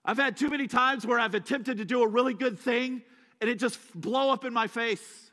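Speaking fairly quickly in an extremely high, bright, forceful voice, an American guest preacher fills an echoey church sanctuary. He recounts the story dramatically, dropping in joking asides.

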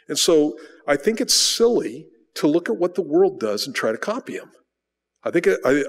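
Man preaching in a reverberant church. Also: fairly high pitch. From United States. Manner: conversational, repeats words while rephrasing, rhetorical questions. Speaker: pastor. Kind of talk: sermon. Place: church sanctuary.

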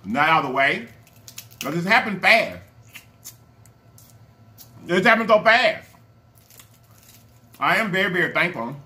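A man hosting a casual eating vlog, his voice a little high and very bright. He gushes and repeats himself, swinging widely in pitch, and hums with pleasure between bites. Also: very animated, slow, long pauses. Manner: effusive, repeats words over and over; eating with loud appreciative murmurs. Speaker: mukbang channel host.

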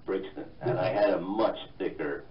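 Irish-born man with a low voice and mixed accent. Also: echoey room, distant mic, highs cut off. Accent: mixed Irish, London and Canadian. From Ireland. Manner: halting, many fillers and restarts. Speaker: guest author. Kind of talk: radio interview.

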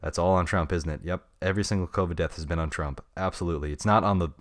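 A man hosting a casual solo podcast, blunt and slangy, swinging between loud opinionated bursts and mumbled asides. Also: low-pitched, steady tone, fast talker, dry recording, clean studio sound. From United States. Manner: slangy and blunt, heavy on "dude" and "bruh". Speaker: podcast host.

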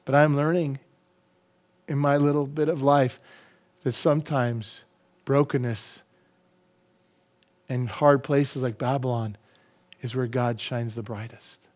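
A man's voice: medium pitch, fairly even intonation, slow, long pauses, darkish tone. Impassioned middle-aged male pastor preaching. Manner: impassioned preaching with rhetorical questions to the congregation. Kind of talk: sermon.

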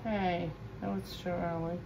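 Her lowish voice is gravelly and warm, level in tone and unhurried. A cooking vlogger, she chats at home in her kitchen while cooking and grumbling about pet peeves, on a rough recording with a little hiss or hum.

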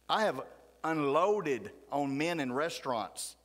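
Middle-aged pastor, folksy and fiery storyteller, somewhat high voice, church reverb. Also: male voice, animated, moderate pace. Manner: folksy, fiery, swings between loud outbursts and hushed asides. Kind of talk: animated storytelling sermon. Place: church sanctuary.

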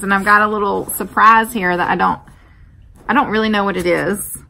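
Bright-voiced woman chatting on her porch. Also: a little high. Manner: chatty, friendly, rambling asides. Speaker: vlogger. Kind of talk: casual chat. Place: outdoor porch.

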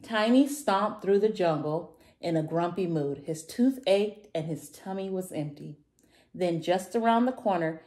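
Woman, children's story reader, slow, lively pitch, lowish voice, warm and expressive. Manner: warm, expressive and sing-song. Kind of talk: read-aloud storytelling for kids.

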